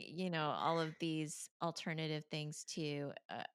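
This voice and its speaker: A woman, a meditation coach, candidly telling her story in an interview, animated, laughing often and acting out her past self. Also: deep voice, unhurried, clean tone, no room sound, clean studio sound.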